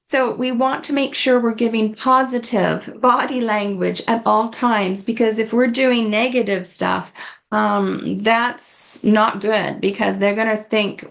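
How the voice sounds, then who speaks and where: A woman's voice: fairly high pitch, steady tone, unhurried, creaky. A woman giving an informal, earnest talk on dementia care, often acting out quoted dialogue.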